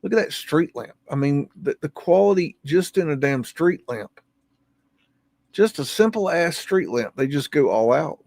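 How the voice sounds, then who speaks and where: A man hosts a live stream in a gravelly, slightly high voice. He muses aloud in a folksy, casual way. The sound is close and dry. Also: lively intonation, a little slow, darkish tone, dry recording. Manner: folksy, drawling, musing aloud. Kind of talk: casual commentary on old photos.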